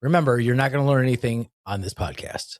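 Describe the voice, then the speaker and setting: A man's voice: medium pitch, fast, dry recording, clean studio sound. A man co-hosting a podcast, a nurse explaining things in a jokey, mock-dramatic way. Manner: jokey, mock-dramatic, hammy segment announcements. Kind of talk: casual comedic chat.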